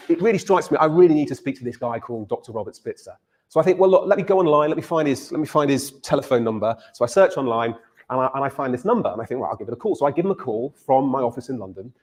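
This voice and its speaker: A male university lecturer giving a lecture and telling a story, repeating words as he starts his phrases. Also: medium pitch.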